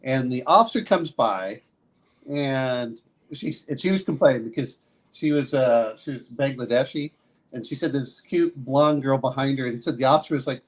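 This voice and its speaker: A man in a casual stream chat, telling an anecdote in a relaxed, halting way and breaking into laughs. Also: medium pitch.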